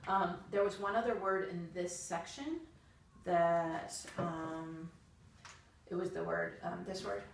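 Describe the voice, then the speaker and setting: A woman tutors one student in reading, speaking in a patient, encouraging way full of casual fillers. Her voice has a gravelly, creaky texture. It was caught from a distance in a very echoey room with steady background noise. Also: on the low side, slow pace.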